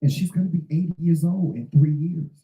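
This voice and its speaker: A man in his fifties talks unscripted to his listeners, circling back and repeating himself as he goes. His voice is very dark and mellow, and it carries a noticeable echo from the room. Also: on the high side, fairly even intonation, brisk. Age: 50s. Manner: rambling, repeats words and restarts often. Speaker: show host. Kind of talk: casual spoken monologue.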